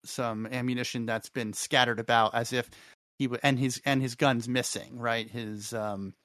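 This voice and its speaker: A man co-hosting a podcast, recapping a show in a thoughtful, halting way with many restarts. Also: mid-range voice, fairly even intonation, fairly bright tone, no echo. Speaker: podcast co-host. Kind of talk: casual recap chat.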